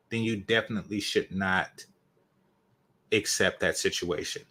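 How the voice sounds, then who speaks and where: A man's voice: low voice, fairly even intonation, a little slow, long pauses, pushed and bright. A man hosting a reaction channel, giving opinionated commentary with emphatic repetitions. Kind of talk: commentary on a video.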